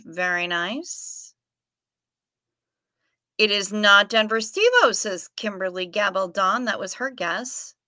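A woman's voice: medium pitch, bright, forceful tone, no room sound. Chatty woman with a Minnesota accent. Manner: chatty, playful, reads viewer comments aloud. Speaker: livestream host. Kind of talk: casual chat reading live comments.

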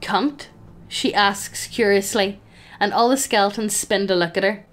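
A woman's voice: medium pitch, fairly even intonation, moderate pace. A woman acting as game master, narrating a tabletop game in a playful, amused way.

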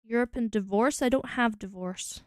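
Clean studio sound with no echo carries this woman's fairly high voice at a normal speed. She's from Scotland, streaming a game and casually thinking out loud as she tests different combinations.

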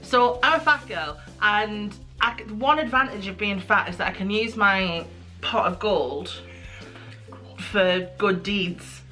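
Bright-voiced British woman telling a story. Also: mid-range voice, takes it slowly, faint music behind. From United Kingdom. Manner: candid, self-mocking, animated. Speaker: guest. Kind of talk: casual storytelling chat.

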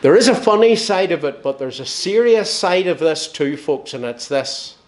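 A man in his sixties with a Northern Irish accent, preaching a sermon. He tells stories with gentle humour and lets his phrases fall soft and slow at the ends. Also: on the high side, expressive. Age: 60s.

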